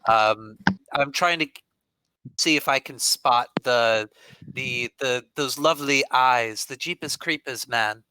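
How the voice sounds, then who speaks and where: Male player, bright and clear-voiced, dry sound, jokey and playful. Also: mid-range voice, takes it slowly, dry recording, poor audio. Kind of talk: casual tabletop game play.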